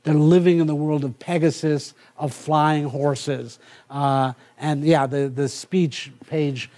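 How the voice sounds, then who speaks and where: Middle-aged guy professor lecturing, kinda high voice, lots of uhs. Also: fairly even intonation, warm tone. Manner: halting, many filler sounds and restarts; reads passages aloud from the text. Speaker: university professor. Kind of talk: university lecture.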